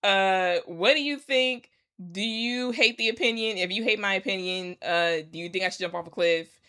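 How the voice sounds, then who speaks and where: A woman's voice: mid-range voice, steady tone, a little fast, bright, forceful tone, clean tone. A woman vlogger ranting to her followers in a casual, emphatic and sarcastic way, repeating her points. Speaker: commentary vlogger. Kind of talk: casual rant to camera.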